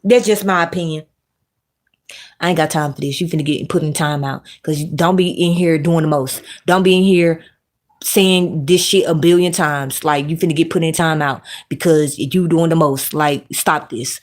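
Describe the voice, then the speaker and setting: A woman vlogger talks in a lilt. She rants bluntly and profanely. She keeps an animated, opinionated flow and snaps at her chat. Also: low voice, normal speed. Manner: reads live chat and scolds viewers. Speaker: commentary vlogger. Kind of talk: casual opinionated commentary.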